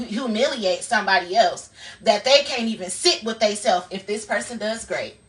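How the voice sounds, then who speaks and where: A woman's voice: mid-range voice, fairly bright tone, recorded from a distance. A woman streaming live, giving a blunt, profane motivational talk in a casual, preachy way.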